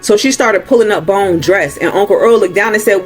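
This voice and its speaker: A man's voice: high-pitched, fairly quick, over music. A man hosting a movie recap, retelling the story in a casual, chatty way with laughs.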